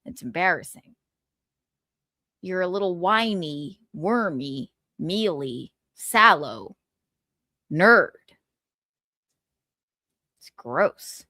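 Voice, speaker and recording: A woman's voice: fairly low pitch, animated, drawn-out words, long pauses, bright, forceful tone, no echo, studio quality. A woman hosting a livestream, mocking and blunt with plenty of profanity as she comments on clips. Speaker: livestream host. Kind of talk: profane pop-culture commentary.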